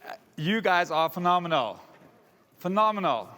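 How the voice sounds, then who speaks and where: A man from South Africa with a South African accent, giving an energetic, jokey motivational talk at a conference. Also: sits high, moderate pace. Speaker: keynote speaker. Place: large resort conference hall. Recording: reverberant hall.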